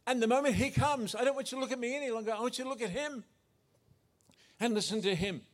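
A man's voice: extremely high pitch, quick pace. A man preaching a sermon as pastor, earnest, often restarting and correcting himself.

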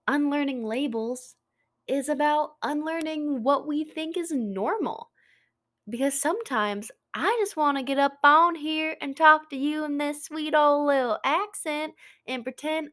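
Woman doing a Southern belle: sweet, drawling, slow and high. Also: a bit bright, heavily acted. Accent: American Southern, put on. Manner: playful, drawling.

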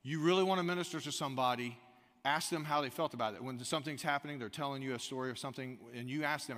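A man preaching a sermon in a big reverberant hall. His voice is fairly high and bright, and he tells stories with animation, acting out the voices of people he quotes. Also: fast talker. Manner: animated storytelling, acts out quoted lines. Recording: long reverb of a large hall.

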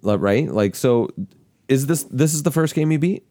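A man's voice: mid-range voice, lively intonation, normal speed, warm tone, no echo. A man hosting a casual family podcast, playful and teasing, asking his kids lots of questions. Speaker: podcast host and father.

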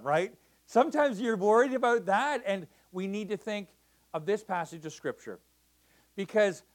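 A man preaching in a church as a missionary pastor, talking to the congregation in a conversational way with many restarts and "right?" checks. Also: high-pitched. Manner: conversational, repeats words, asks the crowd "right?". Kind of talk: sermon.

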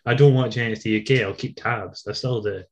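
A man with a Scottish accent co-hosting a casual wrestling review chat, teasing and quick to laugh, leaning close to his mic. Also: lowish voice, fairly even intonation, muffled recording. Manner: chatty, laughs often, teasing. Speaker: wrestling podcast co-host. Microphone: leans close to camera mic.

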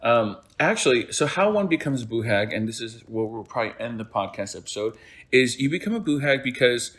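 A man's voice: mid-range voice, animated, fairly quick, fairly bright tone. A man hosting a podcast, telling a folk tale in a rambling, playful way. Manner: rambling, self-correcting, playful. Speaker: podcast host. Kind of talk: casual storytelling.

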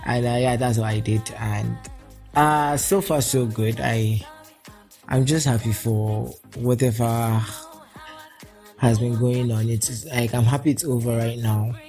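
A man's voice: medium pitch, steady tone, a little slow, mellow, faint music behind. A man hosting his solo podcast, chatting casually and emotionally, rambling and restarting his sentences. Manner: emotional, rambling, self-interrupting. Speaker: podcast host.

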